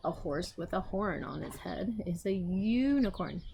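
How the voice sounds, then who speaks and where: A woman teacher slowly sounding out letters and reading aloud to young children outdoors. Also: on the low side, animated, vocal fry, background noise. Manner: slow, patient, sounding out letters. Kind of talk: phonics lesson and read-aloud for young children.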